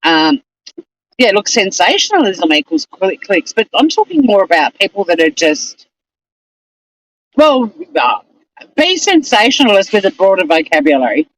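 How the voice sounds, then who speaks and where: A mid-range, very animated female voice comes through at normal speed on a rough recording. She's streaming live and reading viewers' comments in casual conversation. Her tone is blunt and exasperated, with free swearing and frequent laughter.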